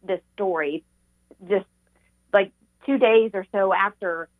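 A woman's voice: medium pitch, slow, dry recording. A woman on a radio show, earnestly encouraging listeners and sharing her testimony. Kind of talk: heartfelt testimony talk. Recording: tinny phone line.

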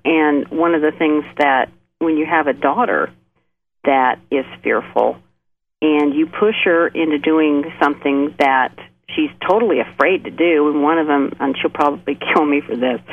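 Earnest middle-aged woman talking faith on the show, lowish voice, sounds like she's on the phone. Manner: earnest, measured, builds repeated phrases. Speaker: co-host of a Christian talk show. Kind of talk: faith talk, testimony. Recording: tinny phone line.

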